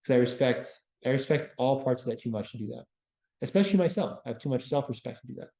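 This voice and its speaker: A man giving a casual classroom history lecture as a university lecturer, breaking it up with deadpan joking asides. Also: mid-range voice, quick pace. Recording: roomy classroom echo.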